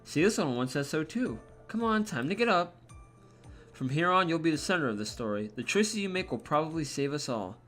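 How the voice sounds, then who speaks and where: A man's voice: a little high, very animated, normal speed, a bit bright, faint music behind. A man voicing a vain, playful genius woman in a game, teasing and self-assured.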